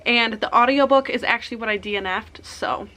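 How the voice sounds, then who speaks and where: A young woman chatting casually about her month of reading, upbeat and quick, with a slightly tired morning voice. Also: on the high side, sharp tone. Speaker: book vlogger. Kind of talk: casual chat.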